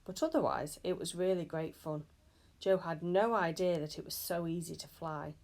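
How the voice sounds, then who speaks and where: A woman reading a children's novel aloud with steady, clear storytelling. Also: on the low side, normal speed. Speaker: storybook reader.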